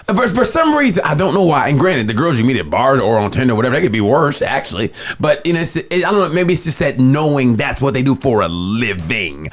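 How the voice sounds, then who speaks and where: Animated laughing man telling stories. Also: medium pitch, fairly quick, hardly any pauses. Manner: animated, laughing, acts out quoted voices. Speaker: comedian guest. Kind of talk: casual storytelling chat.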